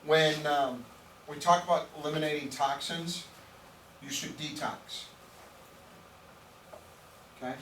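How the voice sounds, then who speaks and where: With a fairly high, bright voice and fairly even intonation, this nutrition trainer talks slowly and pauses often during a live session for a small group. He stays emphatic, repeats words, and checks "okay?", in an echoey audience room recorded from afar with faint noise.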